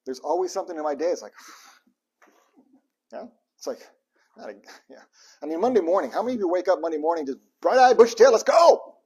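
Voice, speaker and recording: Husky guy preaching, chatty sermon, voice bouncing all over, kinda high. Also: fast, long pauses. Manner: lively and joking, acts out the psalms' cries to God. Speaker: pastor. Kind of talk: conversational sermon.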